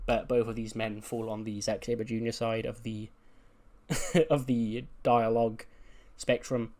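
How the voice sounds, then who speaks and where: A man's voice: fairly low pitch, flat delivery, measured pace, darkish tone. A man hosting a let's play of a wrestling management game, recapping results in a casual, rambling, joking way. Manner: casual, rambling, joking, with fillers like "you know".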